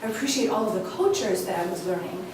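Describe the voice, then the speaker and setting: A young woman from China, a native Mandarin speaker with an American accent, giving an eager, animated audition monologue to camera and often restarting her sentences. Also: medium pitch, quick pace, noisy background. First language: Mandarin Chinese. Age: 20s. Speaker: actress auditioning. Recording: echoey room, mic far off.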